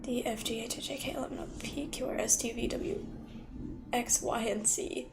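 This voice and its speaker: A woman's voice: fairly high pitch, steady tone, normal speed, music in the background. Giggly woman streaming a game. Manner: giggly, chatty. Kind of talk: casual gameplay livestream.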